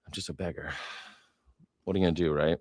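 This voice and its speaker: A man's voice: sits low, fairly even intonation, fast talker, darkish tone, no room sound. An American man hosting a news reaction livestream, talking in a sarcastic, mocking way and swearing freely. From United States. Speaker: news reaction show host. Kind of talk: profane livestream commentary.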